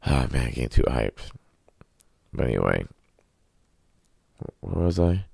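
A man's voice: very deep voice, very animated, slow pace, vocal fry, darkish tone, slightly rough, no room sound, clean studio sound. A man hosting a solo podcast, rambling through crude, joking, self-mocking rants. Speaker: podcast host.

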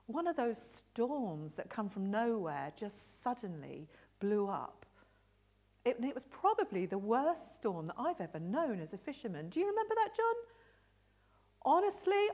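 A woman voicing an excited adult male fisherman apostle, retelling an adventure in an animated, breathless way. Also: on the high side, pitched above the performer's own voice. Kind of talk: all-age church story role-play.

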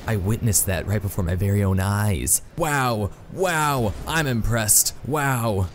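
A man doing excitable, self-mocking live commentary while playing a video game, full of exclamations. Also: lowish voice, slow, a little hiss or hum. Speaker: gaming YouTuber.

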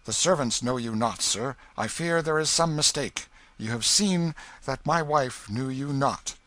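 A male narrator plays a somber nobleman who delivers every line slowly and heavily. His archaic speech sounds solemn and guarded. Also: mid-range voice, bright, forceful tone, pitched above the performer's own voice. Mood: cold. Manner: slow, heavy, solemn delivery. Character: grave, sorrowful younger brother, nobleman.

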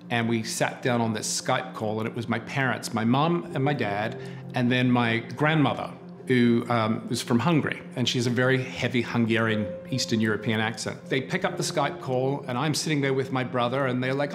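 Man in his forties, earnest interview testimony, mid pitch, music bed behind. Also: normal speed. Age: 40s. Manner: candid, earnest storytelling. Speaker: producer and HIV advocate.

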